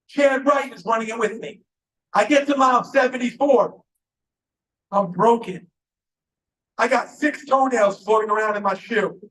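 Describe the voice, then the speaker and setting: A man giving a live motivational keynote speech, emphatic and often shouting to the crowd. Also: very high voice, recorded from a distance, rough recording. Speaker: motivational speaker. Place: large live event venue.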